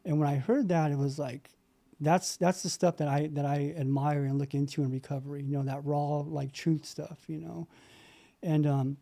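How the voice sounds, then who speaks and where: A man's voice: on the high side, flat delivery, moderate pace, creaky, dark tone. A middle-aged man sharing his recovery story on a video call, earnest and rambling, with many fillers and restarts. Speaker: meeting participant sharing.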